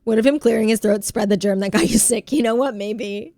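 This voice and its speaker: A woman's voice: on the high side, a little fast, mellow, dry recording, clean studio sound. A woman streamer with a stuffy head cold, chatting casually and giggling as she reads her chat.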